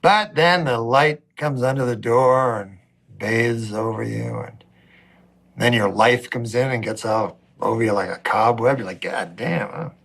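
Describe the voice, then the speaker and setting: A man doing a stand-up comedy set, rambling and meandering, with long pauses and frequent self-interruptions. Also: mid-range voice, creaky, a bit bright.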